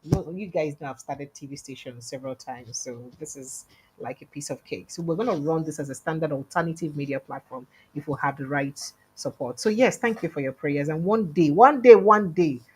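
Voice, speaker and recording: A woman's voice: low voice, a little fast, darkish tone, a little hiss or hum. A Nigerian woman hosting a livestream call-in show, chatting casually and switching into Pidgin as she thanks callers and urges viewers to subscribe. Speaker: livestream host.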